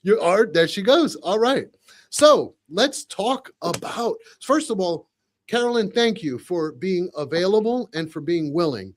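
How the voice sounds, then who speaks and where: A man's voice: high-pitched, very animated, a little slow. A man with a New York accent hosting a live podcast, chatty and effusive, greeting viewers and his guest from a studio. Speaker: podcast host.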